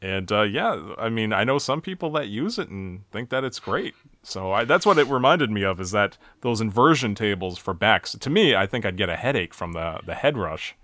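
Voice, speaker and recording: A man from the United States co-hosting a casual chat, relaxed as he recaps scenes and asks questions. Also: fairly low pitch, normal speed, few pauses. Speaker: podcast co-host. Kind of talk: casual chat and film commentary.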